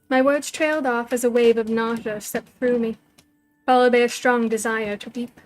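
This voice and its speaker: A woman storyteller reading a novel aloud, in measured, even first-person narration. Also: on the high side, faint music behind.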